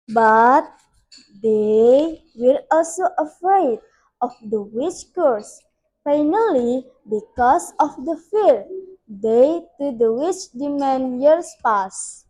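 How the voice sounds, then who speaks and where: A young Indonesian-accented woman reads a fairy tale aloud as a school storyteller. Her voice sits high and she takes her time over every phrase, with the odd slip along the way. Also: expressive, mellow, rough recording. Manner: slow, careful reading with small slips. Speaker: student storyteller.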